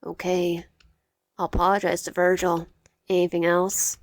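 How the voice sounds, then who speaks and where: A woman's voice: on the low side, monotone, moderate pace, no room sound, clean studio sound, close to an everyday voice. A woman voicing a possessive, tearful teenage boy classmate who pleads and clings. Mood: pleading.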